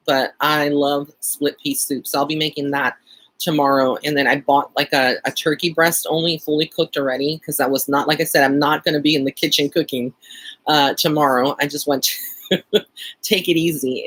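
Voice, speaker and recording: A man's voice: fairly high pitch, flat delivery, normal speed, fairly bright tone. A man with a Texan accent hosting a casual live-stream chat, rambling along with plenty of fillers and easy laughs. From Texas. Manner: chatty and rambling, frequent fillers and light laughter.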